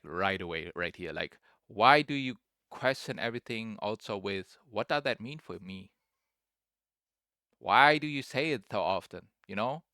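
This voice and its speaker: A man's voice: lowish voice, sharp tone, dry recording, clean studio sound. A man giving casual reaction commentary as a streamer, rambling and repeating himself, full of "like" and "bro".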